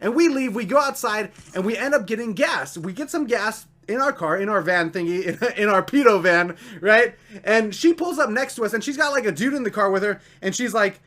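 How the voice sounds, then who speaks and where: A young man with a high, bright voice tells a story in a loose, chatty way. He talks casually and keeps checking in with his listeners. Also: fast talker, hardly any pauses. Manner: chatty, animated, lots of "like" and "right?".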